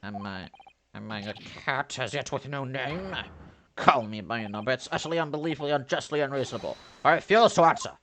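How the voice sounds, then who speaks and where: A man voicing an eccentric, excitable young male prisoner who bursts into grand, alliterative declarations. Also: medium pitch, a little fast, slight background noise, close to an everyday voice. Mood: sulky. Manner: theatrical, alliterative outbursts.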